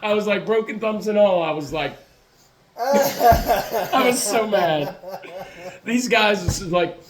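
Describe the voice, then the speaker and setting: Profane, animated storytelling man. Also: sits high, slow pace, over a noisy crowd. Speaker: podcast host. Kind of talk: casual storytelling chat.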